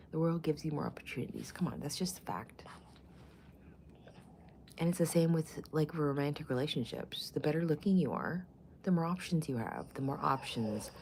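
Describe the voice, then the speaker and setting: A woman's voice: sits low, creaky, a little mellow, a little hiss or hum. A middle-aged woman vlogging in casual chat, blunt, profane and opinionated.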